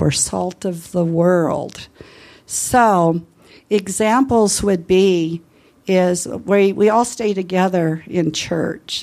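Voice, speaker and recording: A woman giving an informal Christian talk, earnestly telling personal evangelism stories. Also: fairly low pitch. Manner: earnest, lively storyteller. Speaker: Christian speaker sharing evangelism testimony.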